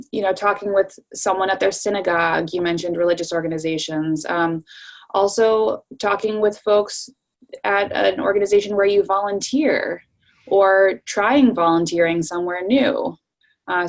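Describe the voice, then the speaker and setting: A woman moderates a webinar over a computer mic, reading out audience ideas and reminding the speaker of the time. Her pitch sits in the middle and her tone is friendly. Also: steady tone, measured pace. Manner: friendly, relays audience comments and time checks.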